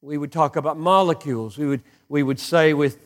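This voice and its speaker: A man preaching a sermon with passion, dropping to hushed lows and rising to emphatic peaks. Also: fairly even intonation, a little fast. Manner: impassioned, swings from hushed to soaring emphatic peaks. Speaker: pastor.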